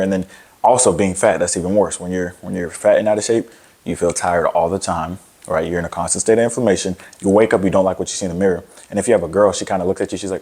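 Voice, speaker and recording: Fast-talking deep-voiced man, blunt rant. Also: darkish tone, husky. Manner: blunt, profane, rambling with many restarts. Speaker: fitness content creator. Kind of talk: casual motivational rant to camera.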